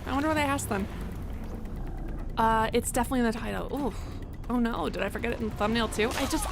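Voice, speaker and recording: A woman streaming a video game, chatting casually with her viewers and cursing at the enemies she fights. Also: fairly high pitch. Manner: chatty, swears at enemies, talks to chat. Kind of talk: casual live-stream gameplay chat. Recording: game music under voice.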